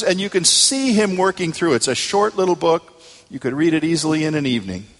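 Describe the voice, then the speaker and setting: A pastor preaching a sermon, telling stories dramatically and building to emphatic peaks. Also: male voice, medium pitch, vocal fry, fairly bright tone. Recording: long hall reverb.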